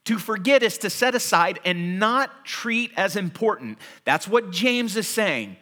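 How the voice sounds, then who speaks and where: A man delivering a sermon from the pulpit, his voice high and bright. He swings his pitch widely as he tells everyday stories and acts out little scenes. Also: measured pace. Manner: animated storytelling, acting out everyday scenes. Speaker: pastor.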